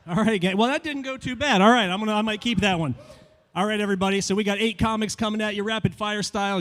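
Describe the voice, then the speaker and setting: Stand-up host in a reverberant club. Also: male voice, quick pace, soft background music. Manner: loud, building to high excited shouts. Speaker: comedy show host. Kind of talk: stand-up comedy. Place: comedy club stage.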